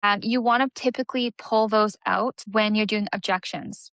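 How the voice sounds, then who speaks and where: A young woman, an aesthetics business coach, gives a casual teaching talk, chatty and full of "like" fillers, and acts out what her clients might say. Her voice is medium-pitched and fairly bright, with fairly even intonation and a moderate pace. There's no echo.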